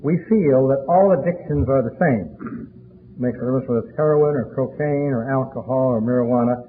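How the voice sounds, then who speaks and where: Elderly male speaker, storyteller, old lo-fi phone-band recording, faint hiss. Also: mid-range voice. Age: 80s. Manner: storytelling, chatty and deliberate with frequent fillers. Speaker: speaker sharing his story. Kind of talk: recovery meeting talk.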